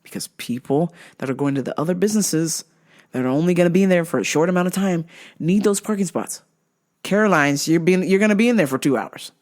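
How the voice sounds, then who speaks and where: A woman's voice: fairly low pitch, fairly quick, a little mellow. A woman hosting a comedy podcast, telling a story with profane, exaggerated delivery. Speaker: podcast host.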